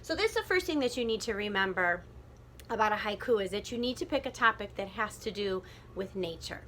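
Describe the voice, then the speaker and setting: A teacher talks her students through a lesson in a bright, clear voice. She explains patiently, step by step, with plenty of ums along the way. The sound comes from a phone set up in a classroom. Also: mid-range voice, lively intonation, brisk, a little hiss or hum. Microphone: phone filming chart paper.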